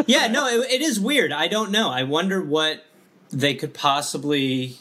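A man, a guest comedian on a podcast, riffing in excitable, jokey banter. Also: on the high side, measured pace.

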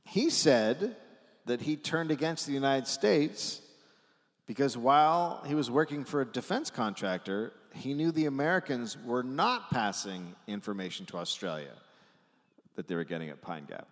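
A man hosting a comedy podcast live, telling a history story in an animated, casual way with dry asides and offhand swearing. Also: mid-range voice, moderate pace. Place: stage at a live podcast taping. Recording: live show in a reverberant hall.

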